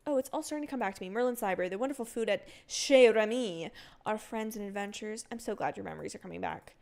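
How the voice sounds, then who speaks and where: A woman's voice: mid-range voice, fast, vocal fry, a little mellow, natural voice. Woman reading lines for a sweet young princess from a game, just her normal voice. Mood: warm reading. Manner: reading dialogue aloud in her own voice.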